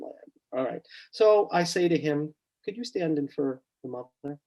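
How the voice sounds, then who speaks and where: A middle-aged man, a psychotherapist, relaxed and storytelling in a podcast interview, quietly acting out his clients' words. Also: fairly high pitch, unhurried, rough recording. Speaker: psychotherapist guest.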